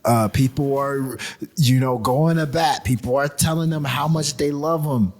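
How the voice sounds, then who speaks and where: A man's voice: mid-range voice, unhurried, darkish tone. A man co-hosting a casual podcast chat, talking emphatically and passionately, often repeating words when he gets worked up. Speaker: podcast co-host.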